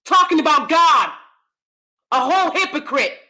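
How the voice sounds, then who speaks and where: A woman's voice: sits high, animated, normal speed, pushed and bright. A woman hosting a commentary vlog, who speaks emphatically and often asks her viewers questions directly. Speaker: channel host; theater actor.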